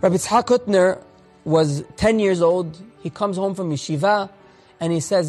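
Earnest high-voiced male storyteller. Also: moderate pace, a little mellow, faint music behind. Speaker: religious storyteller. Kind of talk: retelling a religious story.

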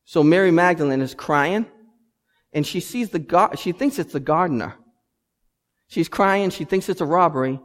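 A man in his thirties preaching a sermon as pastor, animated and building to loud emphatic peaks. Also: fairly high pitch, moderate pace. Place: church sanctuary. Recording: long hall reverb.

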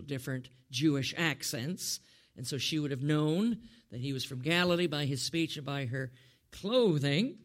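A man preaching a sermon, animated, firing rhetorical questions at the congregation and calling on listeners by name. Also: fairly high pitch.

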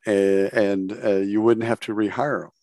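A man's voice: on the low side, little pitch movement, moderate pace, a little mellow, no room sound, clean studio sound. A man hosting a podcast interview, chatting casually and rambling, often restarting his phrases. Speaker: podcast host.

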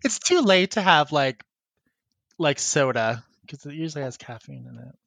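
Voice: mid-range voice, lively intonation, moderate pace, gravelly, fairly bright tone, no echo. A podcast co-host chatting casually, rambling and giggling with many fillers. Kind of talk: casual chat.

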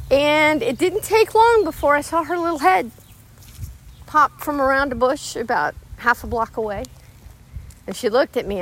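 A middle-aged woman dog trainer telling a story to teach a lesson, in a calm, measured, reassuring way. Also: medium pitch. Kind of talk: instructional storytelling.

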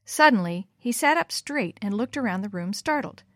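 A woman reads a storybook aloud in a clear, measured voice. Her pitch sits in the middle, and the sound is close and dry. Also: lively intonation, no echo. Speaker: narrator. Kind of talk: storybook reading.

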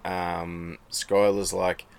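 Gravelly low Australian man. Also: little pitch movement, extremely slow. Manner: rambling, acts out quoted dialogue. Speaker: guest, rally racer. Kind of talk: casual storytelling chat.

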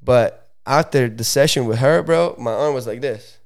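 A young Italian-born man, appearing as a podcast guest, tells a long, casual story in a loose, slangy way full of fillers and restarts. His voice is mid-range and moderately paced.

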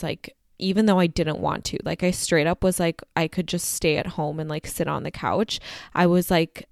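Chatty young woman podcast host, lowish voice. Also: steady tone, moderate pace, vocal fry, no echo, clean studio sound. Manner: candid and chatty, heavy use of "like"; swears freely. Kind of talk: casual solo podcast monologue.

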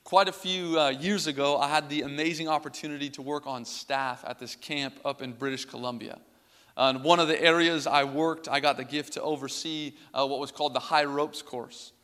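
A young male pastor tells a personal story from the pulpit in a loose, casual way, full of filler words. His voice is bright and sits a little high, and it carries a long reverb through the hall. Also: steady tone, moderate pace.

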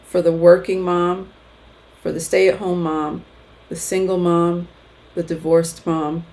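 Heartfelt mom podcaster, low voice. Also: female voice, flat delivery, takes it slowly, darkish tone, poor audio. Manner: heartfelt, encouraging, gets emotional. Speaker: podcast host. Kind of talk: reading her blog post aloud, then casual chat.

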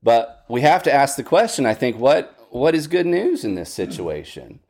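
A man's voice: mid-range voice, sing-song, normal speed, darkish tone, breathy edge. A man teaching a Bible study lesson in an earnest way, often restarting and repeating words.

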